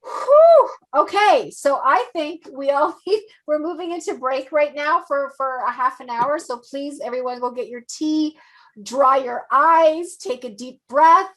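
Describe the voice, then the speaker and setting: A woman's voice: high voice, measured pace, fairly bright tone. A woman hosting an online event, gushing and effusive, repeating her praise. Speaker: event host.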